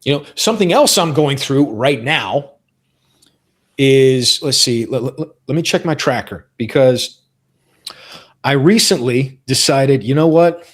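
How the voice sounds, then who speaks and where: A man's voice: medium pitch, expressive, measured pace. A man hosting a podcast in casual conversation, talking earnestly and repeating phrases for emphasis. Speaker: podcast host.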